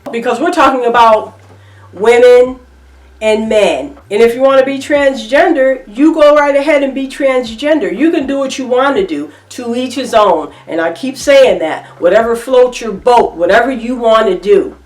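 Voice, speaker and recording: A woman's voice: fairly high pitch, normal speed, far from the mic. A middle-aged woman giving emphatic, repetitive opinion commentary in a reaction vlog, with features. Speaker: reaction vlogger. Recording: echoey room, voice off-mic.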